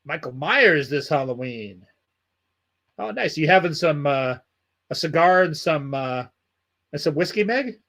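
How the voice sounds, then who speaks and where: A man's voice: a little high, animated, a little slow, pauses often, fairly bright tone. A man hosting a livestream, chatting casually and reading out viewer comments, with loose, heavily profane talk. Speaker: livestream host.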